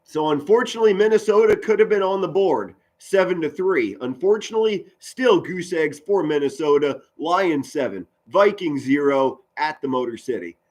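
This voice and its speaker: Excitable man calling football play-by-play. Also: normal speed, few pauses. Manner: excitable, pitch rising on big plays, stumbles and repeats words. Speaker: amateur play-by-play commentator. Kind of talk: live play-by-play commentary with chat.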